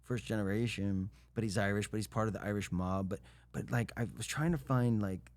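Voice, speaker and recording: Animated storytelling man, dry sound. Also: fairly low pitch, a little fast, no room sound. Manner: animated storyteller, laughs often, acts out quotes. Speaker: actor guest. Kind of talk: casual interview chat.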